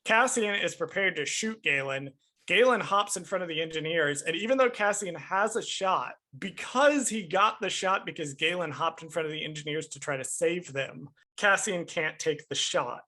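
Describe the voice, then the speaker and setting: A man's voice: a little high, moderate pace. A man co-hosting a podcast, chatting casually and emphatically while reviewing a film. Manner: animated, emphatic, swears casually. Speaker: podcast co-host.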